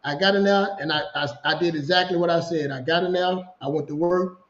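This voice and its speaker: Animated man in his forties, roomy lo-fi. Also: a little high, fairly quick, slight background noise. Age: 40s. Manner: animated, repeats himself, acts out dialogue. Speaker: guest. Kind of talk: casual storytelling. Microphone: video call. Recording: lo-fi roomy video call.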